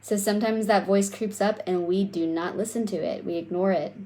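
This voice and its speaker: A woman's voice: mid-range voice, fairly even intonation, fairly quick, dark tone. A woman coaching on self-worth in a casual, conversational way, often tagging her points with "right?" and swearing now and then. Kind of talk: casual teaching talk.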